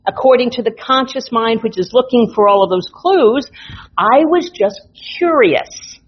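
A woman instructor teaching a hypnotherapy class, telling client stories in an animated, playful way. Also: on the high side, a little slow, husky. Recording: dull lo-fi recording.

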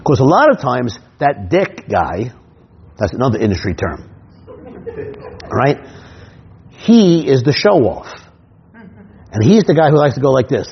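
A husky-voiced man with a New York accent gives a punchy instructional talk on running a hypnosis show. He keeps checking in with "right?" and acts out little scenes. The sound is a bit dull and lo-fi. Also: medium pitch, very animated, normal speed, long pauses. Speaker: stage hypnotist teaching other performers.

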